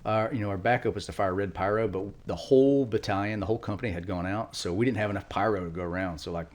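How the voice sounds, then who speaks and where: A middle-aged man, a retired Marine, telling war stories quickly in an interview, acting out quotes. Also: on the low side. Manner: fast, animated war storytelling with acted quotes. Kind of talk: storytelling interview.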